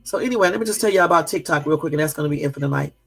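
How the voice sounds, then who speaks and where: A man with a gravelly, raised voice hosts a casual livestream and talks in an indignant, rambling way. He fills his talk with "um" and speaks straight to his live viewers. Soft music plays faintly behind him. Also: on the high side, rapid-fire. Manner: indignant, rambling with many fillers; chats with and answers live viewers. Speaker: livestream host.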